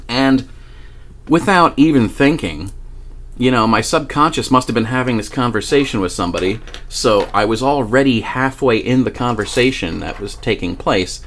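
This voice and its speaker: A man vlogger telling a personal story in a casual, animated way, swearing freely and laughing often. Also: medium pitch, a little hiss or hum.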